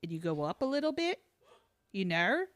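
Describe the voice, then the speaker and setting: A young woman co-hosting a podcast in casual, excitable chat, swearing and tripping over her words. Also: medium pitch, normal speed, dry recording. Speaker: podcast co-host.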